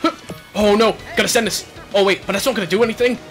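A man commentating his own racing game play, excitable, shouting and laughing at the game. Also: sits high, fast talker, faint music behind. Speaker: gaming channel host.

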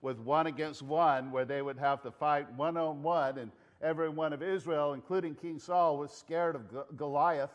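A man with a Southern US accent preaching a sermon as pastor, telling the story with animated delivery, shouting out lines and dropping to hushed asides. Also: fairly high pitch, normal speed, hardly any pauses, lo-fi sound.

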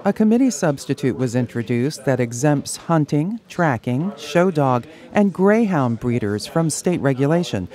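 A man anchoring a legislative news program, reading scripted copy in a measured, even way. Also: fairly high pitch.

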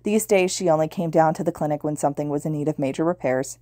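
A woman's voice: low-pitched, mellow, dry recording. A woman reading fan fiction aloud in a casual narrating manner. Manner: quick, casual narration with slips. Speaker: podfic reader.

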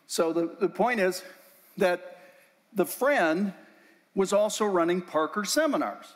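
A man's voice: sits high, expressive, unhurried. A man giving an inspirational faith talk to a group, telling personal stories in a conversational, emotional way with asides to the audience. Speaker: speaker. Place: event room. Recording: long hall reverb.

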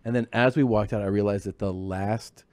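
Casual male comedian, lowish voice, dry close sound, crude storyteller. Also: fairly even intonation, normal speed, a little mellow, no echo. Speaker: comedian on a podcast.

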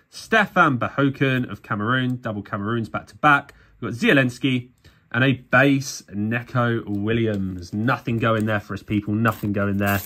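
A man's voice: mid-range voice, pushed and bright. A man from England chatting casually to viewers while opening sticker packs, tired and self-mocking. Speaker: sticker collecting YouTuber. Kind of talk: casual vlog commentary.

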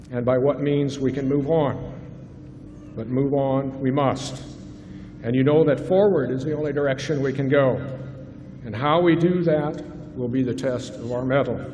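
A man's voice: fairly high pitch, a little mellow. A middle-aged man, a faculty member, giving a formal, reflective commencement address from a podium. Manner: reflective, measured, rhetorical questions. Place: large hall at a graduation ceremony. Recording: reverberant hall, faint hiss.

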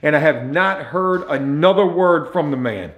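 A man's voice: on the high side, moderate pace, reverberant, lo-fi sound. Chatty, cussing renovation vlogger guy. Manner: chatty, profane, self-mocking. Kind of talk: casual vlog narration while working.

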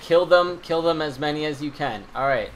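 A man's voice: on the high side, normal speed, a little hiss or hum, poor audio. Joking, foul-mouthed man playing a game. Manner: joking, profane, reads quest text aloud. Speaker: let's play co-host. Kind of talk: casual gaming chat.

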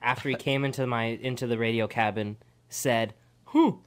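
A man's voice: medium pitch, a little fast, clear, resonant tone. A man co-hosting a live radio show in casual banter, laughing and teasing his co-hosts at a studio mic. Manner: animated, laughs often, teasing. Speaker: radio co-host.

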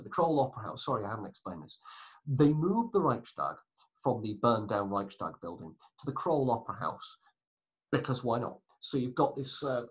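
A man's voice: mid-range voice, breathy edge, poor audio. A man teaching a recorded history lesson, chatty, with asides and self-corrections.

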